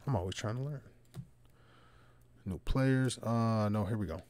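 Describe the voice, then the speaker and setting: A man hosting a live trading card box break, bantering loudly with viewers and teasing them in coarse language. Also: fairly low pitch, unhurried.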